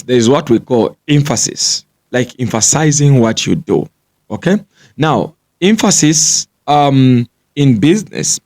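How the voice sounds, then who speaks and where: Male business coach, mid-pitched, lecturing and repetitive, checks in with the viewer. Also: a little mellow. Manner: lecturing, repeats points, checks in with "you get the point?". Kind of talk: motivational business talk to camera.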